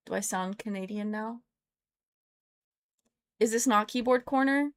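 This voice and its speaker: A woman's voice: on the high side, measured pace, dry recording. A young American woman chatting casually on a live stream, playful and rambling as she talks to her viewers while tinkering. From United States.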